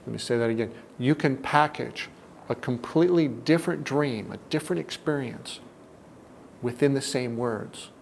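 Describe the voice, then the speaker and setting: A man giving a reflective self-help talk, deliberate and often dropping to a soft, low tone. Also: creaky, slight background noise.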